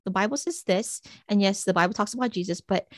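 A woman's voice: medium pitch, fast talker, no room sound, clean studio sound. A middle-aged woman, a psychic medium guest, chatting casually and bluntly, swearing freely and acting out what she and others said. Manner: blunt, swears freely, acts out her own quotes. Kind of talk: casual interview chat.

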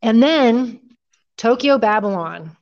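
A woman's voice: on the high side, expressive, slow pace, darkish tone. Emotional woman, dull lo-fi sound. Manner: emotional, gushing, trailing off. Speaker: podcast co-host. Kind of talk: casual chat.

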